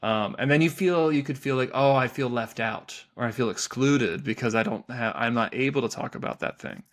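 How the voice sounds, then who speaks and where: A man co-hosting a podcast, telling workplace stories in a relaxed, chatty way. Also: medium pitch, brisk. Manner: chatty storyteller, playful quoted voices. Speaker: podcast co-host. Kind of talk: casual chat.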